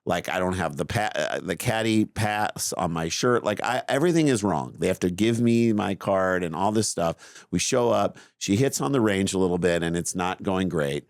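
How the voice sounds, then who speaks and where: A middle-aged man co-hosting a podcast, telling a long story in a lively, self-mocking way. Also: sits low, normal speed, few pauses, no echo, studio quality. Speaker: podcast co-host. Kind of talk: casual chat, storytelling.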